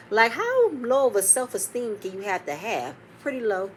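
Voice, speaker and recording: Woman recapping reality tv, animated, swears freely, faint background noise. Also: fairly high pitch, moderate pace. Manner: animated, quotes cast members, swears freely. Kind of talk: casual recap commentary.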